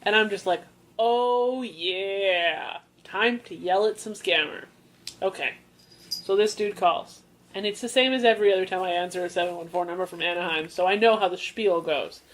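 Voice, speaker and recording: A podcast co-host tells a story in casual chat, her manner profane and mocking. Her voice is fairly low and quick.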